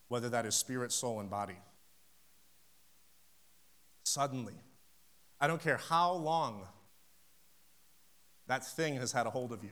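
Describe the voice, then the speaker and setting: A man with a medium-pitched, fairly bright voice preaches a fervent sermon, building to emphatic peaks. He shares stories of his ministry and acts out phone conversations along the way.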